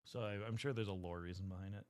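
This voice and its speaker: A low-voiced man talks at a quick clip in a steady, clean tone. He's live-streaming while painting miniatures, rambling casually with viewers and swearing a lot along the way.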